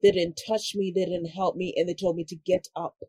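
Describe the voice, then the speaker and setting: A woman's voice: fairly low pitch, a little fast, husky. A woman telling a personal story in casual chat, acting out the dialogue and often saying "like". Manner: animated, acts out quoted dialogue; frequent "like" fillers. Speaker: podcast guest telling a story.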